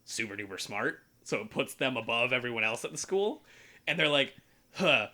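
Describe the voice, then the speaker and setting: Young male podcast host, bright-toned, casual animated storyteller who swears freely. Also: medium pitch, brisk. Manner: animated, acts out characters while retelling a story.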